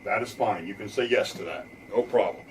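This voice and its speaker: A man's voice: fairly low pitch, brisk, far from the mic, a little hiss or hum, poor audio. A man, a lawyer from the United States, explaining legal rights to viewers in a plain-spoken way, sometimes acting out police questions. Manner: plain-spoken, acts out police lines with a laugh.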